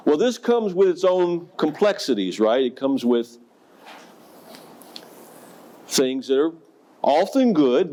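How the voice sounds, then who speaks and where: A man who was a school principal, giving a professional development talk to educators and telling stories with audience questions. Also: mid-range voice. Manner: storytelling, animated, asks the audience questions.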